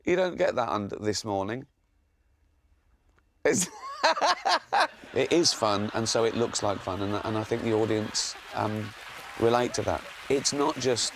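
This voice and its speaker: A man's voice: mid-range voice, big pitch swings, unhurried, creaky, pauses often, fairly bright tone, slight background noise. A man speaking as a comedian and guest expert, telling show-business anecdotes and laughing often. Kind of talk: anecdotal interview.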